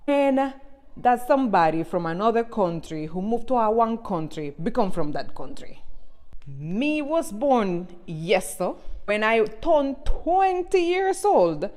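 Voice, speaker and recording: A woman from Cuba in her forties talks straight to camera in lively English mixed with Jamaican patois, her Spanish rolled R showing through. She is emphatic and animated, with a voice of middling pitch. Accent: Cuban Spanish mixed with Jamaican patois. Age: 40s. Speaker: social media creator. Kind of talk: casual vlog to camera.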